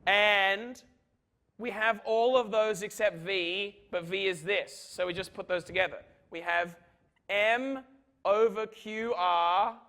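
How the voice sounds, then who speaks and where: Pushed and bright, this man's high-sitting voice carries a university physics lecture in a lecture hall. He keeps it chatty with jokes, asking "right?" as he goes through equations.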